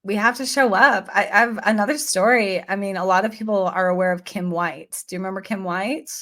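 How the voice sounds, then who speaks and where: A woman's voice: mid-range voice, brisk, pushed and bright. Earnest woman telling a personal story. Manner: earnest, chatty, acts out her own past thoughts in quotes. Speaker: podcast guest.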